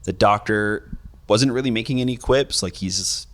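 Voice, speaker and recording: A man co-hosting a podcast, talking in a relaxed, easygoing way. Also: lowish voice, normal speed. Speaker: podcast co-host. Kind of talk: casual chat.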